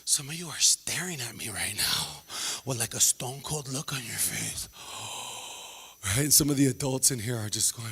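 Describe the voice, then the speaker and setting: A man performing a stand-up comedy set before a live audience, acting out his family in quick voices. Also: mid-range voice, slight background noise. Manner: animated, acts out family members in quick voices. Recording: live hall with long reverb.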